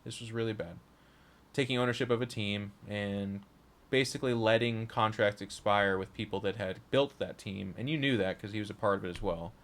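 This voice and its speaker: A man's voice: lowish voice, fairly quick, a bit bright. A young man speaking frankly to his audience about his career, rambling and often restarting his sentences. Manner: frank, rambling, self-interrupting. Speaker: streamer and caster. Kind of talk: candid monologue to camera.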